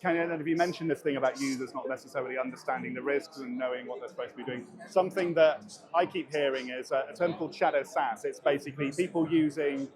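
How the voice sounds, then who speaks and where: A man interviewing a guest on a convention floor, talking loosely and quickly with many fillers. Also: mid-range voice. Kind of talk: casual trade-show interview. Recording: loud crowd noise behind. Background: crowd chatter.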